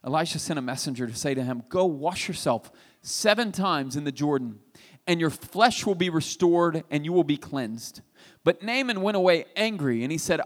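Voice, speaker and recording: A man preaching a sermon, retelling a story with animated, emphatic delivery. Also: fairly high pitch, normal speed. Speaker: pastor. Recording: reverberant hall.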